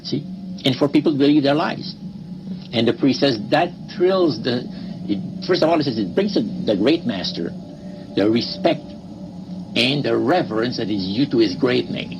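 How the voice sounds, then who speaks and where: A man's voice: medium pitch, animated, moderate pace, vocal fry, noisy background. Emphatic man preaching on a dull recording. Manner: emphatic, repeats "See?".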